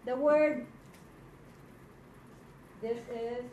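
This Hebrew teacher, a woman from the Philippines, patiently explains a lesson to her class and keeps checking in with them. Her fairly high, mellow voice holds a steady tone and draws out words. The recording is muffled, with slight background noise, captured from afar in an echoey room.

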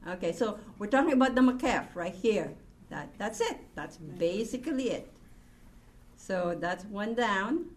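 Woman, Hebrew teacher, patient step-by-step explaining, slow pace. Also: medium pitch, lively intonation. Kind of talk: classroom lesson.

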